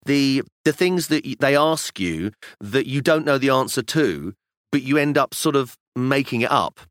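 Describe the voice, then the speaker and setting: Lively British dad telling stories. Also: male voice, medium pitch, normal speed, dry recording, clean studio sound. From United Kingdom. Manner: animated storytelling, acting out kids' voices. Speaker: podcast co-host. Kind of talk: casual chat.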